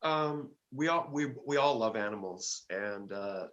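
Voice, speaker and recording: A low-pitched older man talking casually as an interview guest. He speaks haltingly, with frequent fillers and restarts as he works through his stories. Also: expressive, fairly bright tone, lo-fi sound. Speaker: guest musician.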